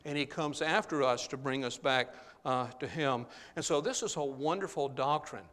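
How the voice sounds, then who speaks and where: A man's voice: mid-range voice, normal speed, a bit bright, in a large hall. A male pastor delivering an earnest sermon, often tagging phrases with "uh, there". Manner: earnest preaching with frequent "uh, there" tags.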